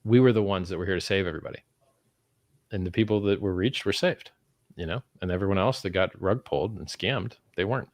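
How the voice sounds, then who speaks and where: A man's voice: deep voice, fast talker, no room sound. Blunt, emphatic man on a dry mic. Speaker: crypto founder taking guests on a livestream. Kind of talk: casual livestream chat.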